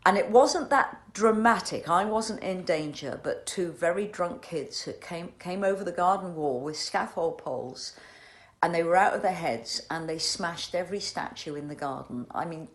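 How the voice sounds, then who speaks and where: A woman in her sixties, hosting from home, tells a personal story in a halting, emotional way. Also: on the low side. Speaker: host. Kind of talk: answering a fan question at home.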